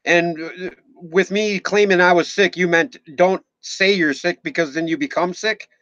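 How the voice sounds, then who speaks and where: With a high, steady, fairly bright voice and an unhurried pace, a Minnesotan man in his forties chats loosely on a live stream, joking, cursing occasionally, and thanking viewers by name. There's no echo, but the audio is somewhat muffled and dull.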